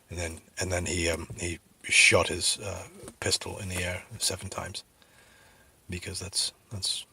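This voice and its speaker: A middle-aged man telling a rambling comic story full of fillers, with a husky voice. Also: sits low, measured pace. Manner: rambling, filler-heavy, deadpan, then sincere. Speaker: comedic video host.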